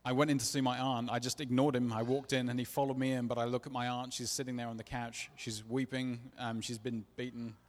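A man's voice: mid-range voice, little pitch movement, a little fast, few pauses. A man telling his personal testimony in a sermon, earnest and confessional, acting out the dialogue as he tells it. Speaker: preacher. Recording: long reverb of a large hall.

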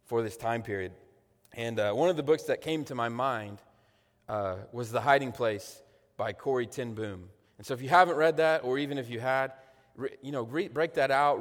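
A man preaching a sermon as a pastor, earnest and halting, with many fillers and restarts. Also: mid-range voice. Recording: long echoey hall reverb.

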